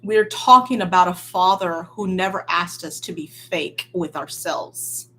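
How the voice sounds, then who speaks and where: Slow, breathy woman preaching a sermon. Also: on the low side, sharp tone.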